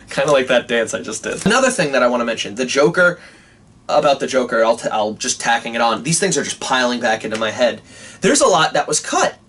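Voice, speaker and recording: A young man giving an animated, casual movie review, swearing often and restarting his sentences. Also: medium pitch, fairly quick, a little hiss or hum.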